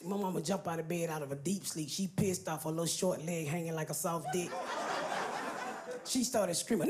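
A woman's voice: lowish voice, normal speed, a little mellow, slight background noise. A woman stand-up comedian telling a story on stage in a brash, profane way, talking straight to the crowd. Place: comedy stage before an audience.

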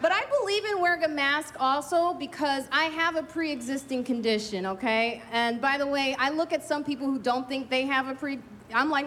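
A woman's voice: high voice, moderate pace, hardly any pauses, a bit bright, slight background noise. A middle-aged woman doing a brash, confiding, self-mocking stand-up set at an outdoor drive-in show. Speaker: stand-up comedian. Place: outdoor drive-in stage, parking lot.

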